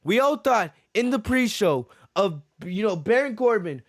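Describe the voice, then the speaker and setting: A man's voice: sits high, very animated, unhurried, no room sound, studio quality. A man hosting a podcast, giving a heated, profane wrestling review that repeats its points. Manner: ranting, repeats himself, profane. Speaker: podcast host.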